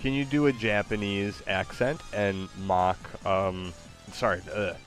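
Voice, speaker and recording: A man with a fairly low voice hosting a casual stream. He talks hesitantly, full of ums and restarts, often getting tongue-tied. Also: steady tone, measured pace, soft background music. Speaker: streamer host. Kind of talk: casual chat.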